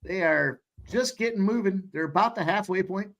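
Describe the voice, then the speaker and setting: A man's voice: sits high, normal speed, fairly bright tone. A man co-hosting a live betting stream, calling horse races with hype and banter. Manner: hyped race calling, bantering. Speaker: sports betting stream host.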